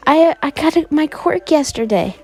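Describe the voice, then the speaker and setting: A woman voicing an eager, excitable little boy with a raised, bright-toned voice. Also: high-pitched, normal speed, soft background music, pitched above the performer's own voice. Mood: excited.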